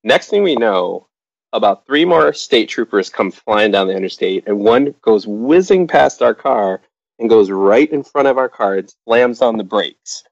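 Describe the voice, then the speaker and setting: His voice is fairly low and gravelly, and he speaks a little slowly. The middle-aged man recounts a personal story to an audience in a lively way, voicing the other characters, captured in a dry, dull lo-fi recording.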